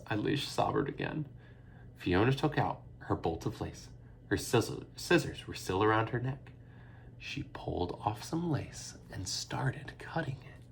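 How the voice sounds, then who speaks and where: Expressive male storybook narrator. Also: on the low side, measured pace, creaky, a little hiss or hum. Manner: expressive, hushed in tense passages. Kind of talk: storybook reading.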